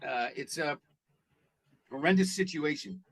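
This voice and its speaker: Male actor guest, a lively and blunt storyteller with a slightly high voice. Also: unhurried. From Canada. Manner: animated storyteller, blunt and profane. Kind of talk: casual interview chat.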